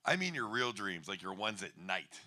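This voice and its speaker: A man's voice: low-pitched, sing-song, normal speed, sharp tone, slight background noise. A man in his fifties doing a stand-up comedy set on a bar stage, wry and rambling, chuckling at his own jokes.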